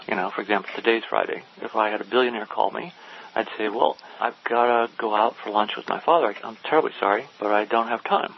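A man's voice: on the low side, fast talker, breathy edge. A man casually telling a long anecdote, acting out the lines of the people in it. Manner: animated, quotes people in dialogue. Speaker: storyteller guest. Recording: dull lo-fi sound with faint hiss.

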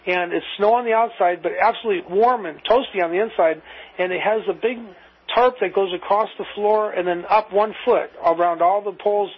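A man's voice: sits high, brisk, slightly rough. A man spinning a long, rambling anecdote as an interview guest, acting out both sides of the dialogue. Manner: rambling, acts out dialogue with "I says". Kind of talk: anecdotal storytelling. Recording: muffled lo-fi recording.

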